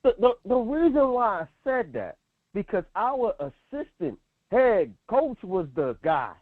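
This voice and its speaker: A man with a high, bouncing voice who keeps pressing his football point over his co-host. His sound is tinny and dry, like a phone line. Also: big pitch swings, a little slow, dry recording. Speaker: sports podcast co-host. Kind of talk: casual sports debate.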